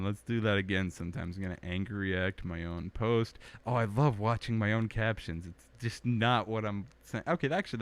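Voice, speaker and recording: This young man's voice is fairly low with lively intonation, a little fast and hardly pausing. Hosting his own web show from a small home studio on a studio microphone, he rambles through a self-deprecating, joking monologue full of restarts.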